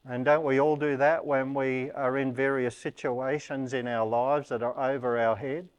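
A man preaching a sermon, explaining a scripture passage in a measured, teaching manner. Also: medium pitch, little pitch movement, smooth, highs cut off.

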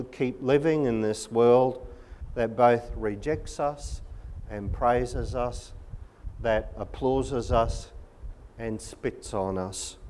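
A male preacher delivering a sermon at an unhurried pace, with a middle-pitched voice. He speaks earnestly, leaning on key words with measured emphasis. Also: a little mellow.

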